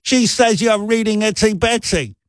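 A woman's voice: medium pitch, moderate pace, dry recording, clean studio sound, pitched above the performer's own voice, lightly acted. A man voicing an exasperated mother who screams indignantly at her teenage son. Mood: scolding.

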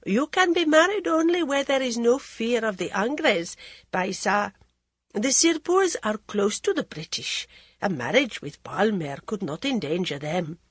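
A dignified queen speaks in a measured, gentle manner, her voice husky and dry, as a woman narrator puts her on. She sounds composed and unhurried, in a storybook reading. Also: on the high side, expressive, no room sound, pitched above the performer's own voice. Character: dignified middle-aged queen, calm and gentle.

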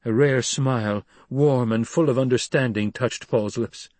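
Male audiobook narrator, measured, husky, dry. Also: mid-range voice, darkish tone, dry recording. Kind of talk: scripted narration.

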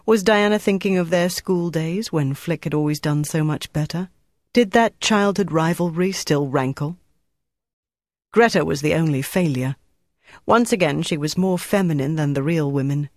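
An audiobook narrator reading a novel in a steady, measured storytelling manner. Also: mid-range voice, dry recording, clean studio sound. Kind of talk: scripted narration.

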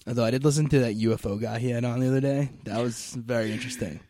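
A man's voice: medium pitch, fairly even intonation, warm tone, no echo. A man co-hosting a casual podcast, enthusiastic and joking. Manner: enthusiastic, playful, quick asides. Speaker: podcast co-host. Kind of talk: casual chat.

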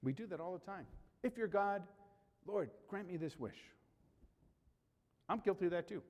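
Male pastor, slightly high voice, lively sermon delivery with loud and hushed turns, long hall reverb. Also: moderate pace. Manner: animated preaching, swings from loud to quiet, jokes with the congregation.

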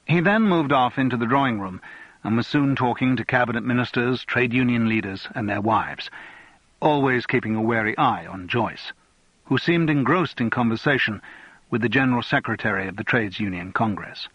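A male audiobook narrator tells the story evenly and deliberately, his medium-pitched voice carrying a breathy edge. The muffled recording has no echo.

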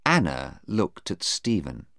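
A man reading a story aloud as narrator, slowly and clearly. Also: dry recording, studio quality. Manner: slow, careful reading with lively pitch. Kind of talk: scripted narration of a graded reader.

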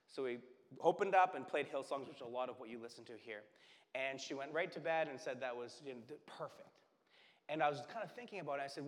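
Conversational pastor in a reverberant church. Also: male voice, a little high. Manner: conversational, acts out quoted voices, drops to soft whispers for God's words. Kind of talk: sermon. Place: church sanctuary.

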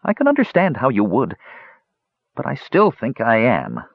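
Man doing a soft-spoken coaxing cat. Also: mid-range voice, wildly swooping pitch, normal speed, vocal fry, breathy edge, dry recording, muffled recording, voice pushed up, exaggerated voice. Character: gentle, watchful male cat who purrs.

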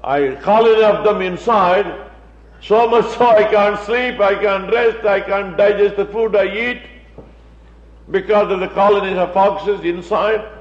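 A man's voice: high-pitched, a little slow. A man preaching a sermon, emphatic and repetitive, with mocking asides. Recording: dull, echoey room sound.

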